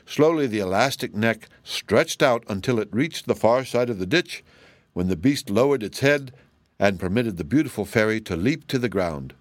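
A man reading a children's storybook aloud as a calm, measured audiobook narrator. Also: medium pitch, no room sound. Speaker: audiobook reader.

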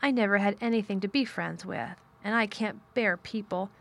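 A frail, sickly young boy from a storybook, quick to excitement and eager outbursts, as a woman reads him aloud. His voice lifts a little above an ordinary reading voice. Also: mid-range voice, vocal fry.

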